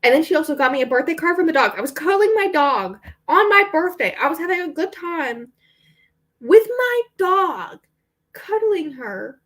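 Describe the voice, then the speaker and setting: Chatty young woman, slightly high voice. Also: expressive, quick pace, hardly any pauses, fairly bright tone. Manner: rambling and chatty, with frequent fillers and laughs. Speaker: book vlogger. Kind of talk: casual chat.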